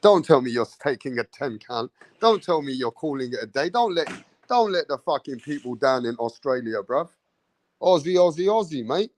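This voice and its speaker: A man hosting a casual live-stream chat, teasing and goading a guest with loud rapid taunts. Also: mid-range voice, big pitch swings. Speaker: show host.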